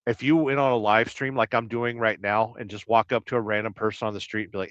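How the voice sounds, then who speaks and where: A man hosting a livestream, chatting casually and reading viewer comments with rambling, deadpan jokes. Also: fairly low pitch, fast talker, dry recording. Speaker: livestream host. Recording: dull lo-fi dry sound.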